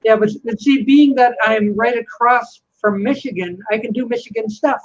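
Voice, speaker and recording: A man's voice: very high-pitched, moderate pace. A man hosting a casual video chat, rambling with lots of filler words. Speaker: host. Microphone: video call. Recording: dull lo-fi video call audio.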